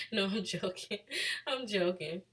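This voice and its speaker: A young Chicago vlogger, from Chicago, USA, with the city's accent, casually talks with her live chat, laughing while she reads questions aloud. Her voice is medium-pitched and a bit bright.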